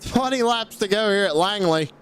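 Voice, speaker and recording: A man calling a live sim race as play-by-play commentator, excitable and quick to laugh and joke with viewers. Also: sits high, smooth. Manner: excitable, laughs easily, jokes with chat. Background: race car engine sounds from the sim.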